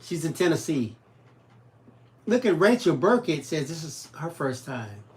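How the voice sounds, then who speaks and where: His voice is a little high and unhurried as he co-hosts a home crafting stream. He reads viewer comments out loud, trading playful teasing and lively, joking stories in relaxed chat.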